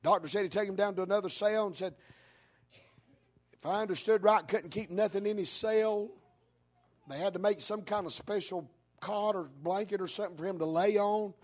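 Raspy, high-voiced preacher. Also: male voice. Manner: preaching cadence, rising into shouts, drawn-out words. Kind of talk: fiery sermon with storytelling. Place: church.

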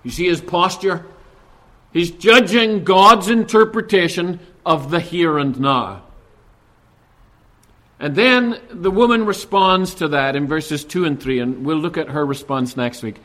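A man preaching a sermon, emphatic and animated, acting out the quoted lines and often restarting his words. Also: unhurried. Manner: animated, acts out quoted voices with rising pitch.

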